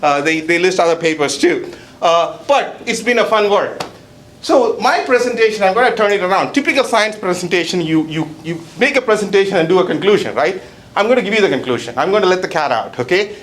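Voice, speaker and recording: A man's voice: high voice, expressive, a little fast, a bit bright, echoey room. A man presenting research at a seminar, chatty and joking, with an accent, often adding "okay?". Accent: non-native accent. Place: seminar hall.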